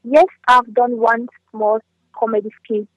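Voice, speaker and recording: Female comedian and actress being interviewed; relaxed and chatty, dry recording. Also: on the high side, measured pace, no echo, muffled recording. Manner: chatty, leans on "you know". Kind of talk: casual interview answers.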